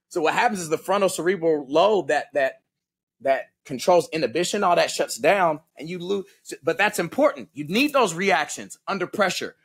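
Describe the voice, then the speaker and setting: A man's voice: fairly high pitch, slightly rough. A man who is a guest on a podcast and works as a combat coach, talking casually and acting out quoted lines as he tells stories. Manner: animated storyteller, acts out quotes, peppers talk with "right?" and "bro".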